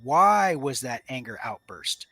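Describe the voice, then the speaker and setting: A man's voice: mid-range voice, very animated, a little slow, sharp tone, no room sound. A man in his thirties, a Marine veteran guest, telling his story in a casual interview, earnest and reflective, turning to address listeners directly. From Washington state, US.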